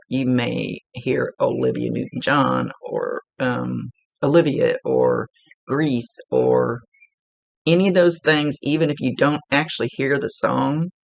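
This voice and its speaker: Woman doing a psychic reading, gravelly fry in her voice, rambly and chatty, dry close sound. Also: extremely low pitch, dry recording. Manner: rambling, chatty, restarts sentences often. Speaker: psychic medium. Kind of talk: casual one-on-one reading monologue.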